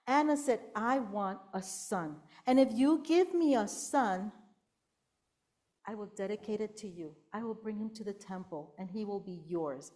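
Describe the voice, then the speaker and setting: A middle-aged woman giving a sermon to a congregation, telling a Bible story and acting out the quotes, sometimes dropping to a whisper. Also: medium pitch. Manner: storytelling with acted-out quotes, whispering to show how softly God speaks. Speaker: preacher.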